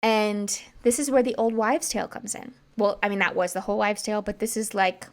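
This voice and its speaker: A woman's voice: mid-range voice, steady tone, darkish tone. Chatty woman rambling through a story. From Irish heritage, American. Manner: rambling, chatty, quick asides and self-corrections. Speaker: podcast co-host. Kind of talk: casual chat, storytelling.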